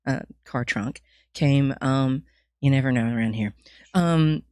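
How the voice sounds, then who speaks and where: Southern woman, wry deadpan storyteller. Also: extremely low pitch, unhurried, clean tone, no room sound. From Alabama. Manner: dry witty storyteller. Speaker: podcast guest. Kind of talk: casual storytelling chat.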